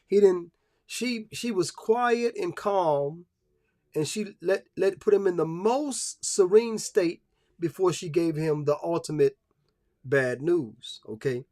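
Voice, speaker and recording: A man's voice: on the high side, animated, measured pace, darkish tone. A man giving a live-streamed religious talk, preachy and emphatic, with many fillers and restarts.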